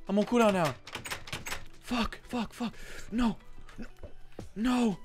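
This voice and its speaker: A man calls out his own gameplay in a frantic play-by-play, voice a touch high and leaping all over the place. He swears freely and gets excited fast. Faint music plays under him. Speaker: gaming video creator. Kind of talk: live gameplay commentary.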